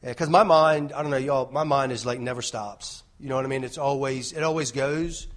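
A man's voice: mid-range voice, a little fast, a little hiss or hum. A man giving an informal sermon, telling a rambling personal story with many restarts and "right?" tags. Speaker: lay preacher.

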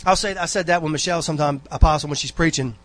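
A church member gives a relaxed, unscripted talk to the congregation, rambling folksily and breaking into asides and stories. His pitch is fairly high and he races along.

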